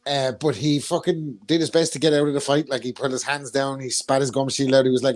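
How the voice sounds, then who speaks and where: A man's voice: mid-range voice, steady tone, brisk, few pauses. A man co-hosting a podcast who tells sweary, jokey stories and acts out what others said. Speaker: podcast co-host. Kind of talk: casual podcast banter.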